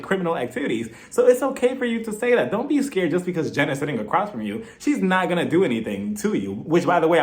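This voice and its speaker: Sassy guy recapping a reality show, kinda high voice, super swoopy and dramatic. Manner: sassy, animated, mimics cast members with bursts of laughter. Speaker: reality TV reviewer. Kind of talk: casual recap commentary.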